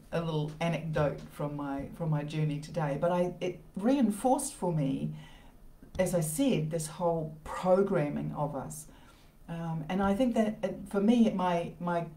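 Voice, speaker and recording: Low-voiced woman giving a rambling talk. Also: warm tone. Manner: rambling, with many restarts and asides. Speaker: host of a live self-help talk. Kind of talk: informal motivational talk. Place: home conservatory. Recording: roomy echo of a conservatory.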